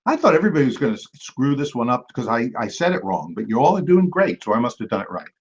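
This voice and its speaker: A man hosting a trivia game. He reads each clue twice and adds chatty asides and quick apologies to the teams. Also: mid-range voice, big pitch swings, breathy edge. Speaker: quiz host. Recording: dull lo-fi recording.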